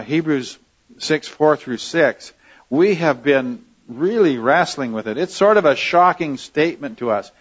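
A man's voice: a little high, muffled recording. A man preaching an expository sermon in a teacherly way, explaining word roots with many fillers and restarts.

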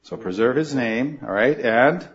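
A man leads a Bible study in an earnest, questioning way. His voice sits at an ordinary pitch, and he often stops to restart his sentences. The recording sounds muffled and lo-fi. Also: animated, unhurried. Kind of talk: Bible study class teaching.

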